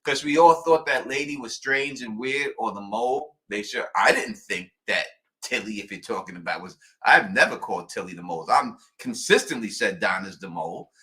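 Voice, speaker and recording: A man co-hosting a show, talking in an animated, emphatic way and repeating his points. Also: on the low side, moderate pace. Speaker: podcast co-host. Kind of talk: casual chat.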